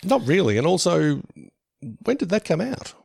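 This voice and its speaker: A man's voice: high voice, big pitch swings, normal speed, creaky, a little mellow, no echo, clean studio sound. A man co-hosting a podcast, joking and laughing often in casual chat. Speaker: podcast co-host.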